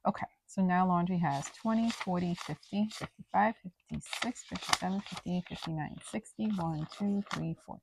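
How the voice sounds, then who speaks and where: A woman's voice: fairly low pitch, normal speed, gravelly, hardly any pauses, noisy background. A woman vlogger chatting casually while counting cash into budget envelopes aloud, sometimes dropping to a near-whisper.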